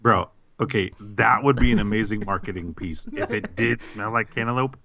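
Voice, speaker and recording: A man on a podcast telling a story in a casual, animated way, with many fillers and restarts. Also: on the low side, moderate pace, gravelly. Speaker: podcast host.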